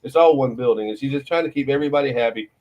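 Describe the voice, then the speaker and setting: A man's voice: medium pitch, racing, highs cut off. A middle-aged man, hosting a morning show and telling rambling, profane stories. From Florida. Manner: rambling storyteller, profane, laughs often. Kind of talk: casual chat.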